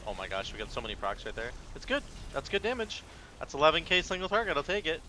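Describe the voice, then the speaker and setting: A man giving excited, self-mocking live commentary while playing a game. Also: on the high side, quick pace, background noise. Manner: animated, exclamatory, self-mocking. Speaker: gaming content creator.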